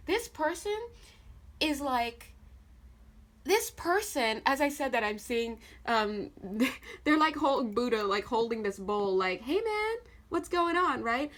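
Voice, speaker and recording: Chatty, animated woman reading tarot. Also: fairly high pitch. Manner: chatty and animated, addresses viewer directly, laughs often. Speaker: tarot card reader. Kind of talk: casual tarot reading to viewers.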